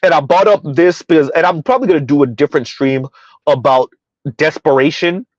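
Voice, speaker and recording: A man's voice: a little high, fairly quick, no room sound. Chatty man with a dull lo-fi mic. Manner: rambling, conversational, reads chat aloud. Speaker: commentary streamer. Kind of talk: casual live-stream commentary.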